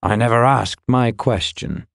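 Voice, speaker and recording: A male narrator voicing a gruff, dry-humored older fire warrior in an audiobook. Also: mid-range voice, a little slow, dry recording. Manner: grumbling, wry.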